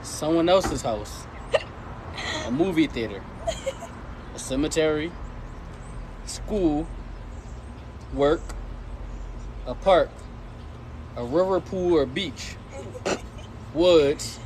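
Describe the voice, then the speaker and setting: A woman listing items one by one in a deadpan way. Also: sits low, very slow, pauses often, a little hiss or hum.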